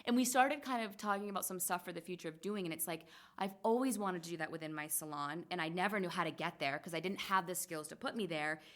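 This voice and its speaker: A bright, forceful woman's voice, set a little low, belonging to a woman in her forties. She talks candidly and with animation as a podcast guest, acting out remembered exchanges and scattering "like" fillers throughout. The tone stays open and conversational. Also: quick pace, hardly any pauses. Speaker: guest, salon co-owner and hairstylist. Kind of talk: casual storytelling in a podcast conversation.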